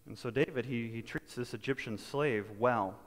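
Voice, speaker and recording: A man's voice: mid-range voice, moderate pace, long reverb tail. A male pastor giving a sermon in a conversational, folksy manner, often restarting his phrases. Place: church sanctuary.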